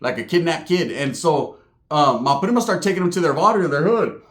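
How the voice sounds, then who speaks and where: A man's voice: fairly high pitch, expressive, fairly quick, reverberant. A man from Southern California telling a long, profane, rambling story on stage, often tagging his lines with "right?". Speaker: stand-up comedian. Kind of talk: stand-up storytelling.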